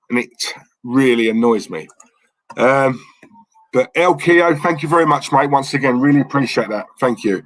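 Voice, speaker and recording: A man's voice: mid-range voice, no echo, rough recording. A man hosting a live stream, chatting in a blunt, rambling way and reading out viewer messages. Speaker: livestream host. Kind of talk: casual live-stream chat.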